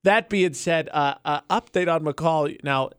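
A man's voice: fairly high pitch, measured pace, clean tone, no echo, clean studio sound. A man hosting a radio show, chatty and often laughing, talking through a call-in segment. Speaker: radio host. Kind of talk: casual radio banter.

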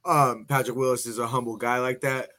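A man's voice: mid-range voice, steady tone, fairly quick, sharp tone. A man hosting a casual sports podcast, chatty and folksy, often restarting his sentences and sounding a bit tired. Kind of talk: casual sports talk show.

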